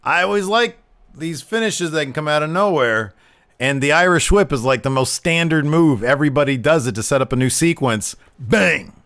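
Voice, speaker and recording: A man's voice: a little high, normal speed, dry recording. A middle-aged man co-hosting a podcast, chatting casually through a wrestling recap and acting out what the wrestlers said. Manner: animated, acts out wrestlers' lines in put-on voices. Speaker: podcast co-host.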